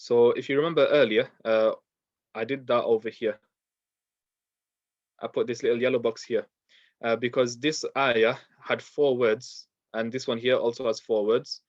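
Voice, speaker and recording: A man teaching a Quran pronunciation lesson, patiently explaining mistakes and repeating words slowly for practice. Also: medium pitch, steady tone, no room sound. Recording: dull, dry lo-fi sound.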